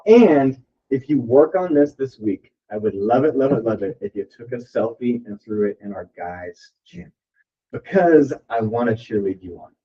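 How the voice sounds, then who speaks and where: A man of middling pitch talks to his team from some way off the microphone, loose and chatty, circling back with "like" as he urges them on. The sound is dull and lo-fi, with the room around him clearly audible. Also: lively intonation, moderate pace. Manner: casual, rambling, peppered with "like". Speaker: real estate team leader. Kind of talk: motivational talk at a team meeting. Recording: distant, dull lo-fi room recording.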